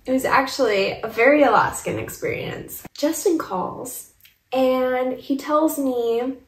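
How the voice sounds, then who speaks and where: A young woman from Michigan shares a personal story in a casual vlog, becoming tearful and laughing through the emotion. Her voice is high and slow, and the room she records in is echoey.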